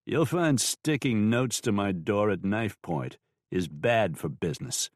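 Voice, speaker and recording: A man voicing a tough, blunt new sheriff in an audiobook, curt and flat in delivery. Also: lowish voice, unhurried, no echo, studio quality. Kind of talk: audiobook character voice.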